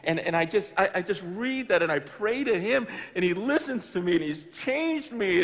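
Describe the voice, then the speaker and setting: Male preacher with a high voice, telling a story from the pulpit, animated and emphatic. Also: normal speed, hardly any pauses, in a large hall. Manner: animated, emphatic, with bursts of loud excitement. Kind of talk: storytelling sermon. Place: large room with an audience.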